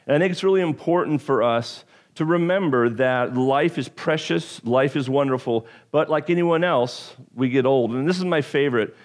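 A man preaching a sermon, animated and joking, with self-deprecating asides and frequent stumbles and restarts. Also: mid-range voice, moderate pace, few pauses. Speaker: pastor.

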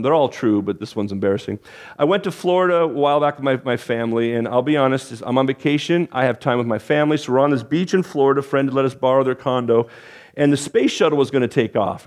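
A middle-aged man preaching as a pastor, telling a personal story and acting out the quotes before closing in prayer. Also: fast talker. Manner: animated storytelling, acts out quotes with pitch jumps.

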